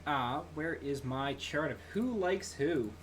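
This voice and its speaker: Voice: mid-range voice, slow pace, slight background noise. A game master narrating a tabletop game in a loose, hesitant way with many fillers.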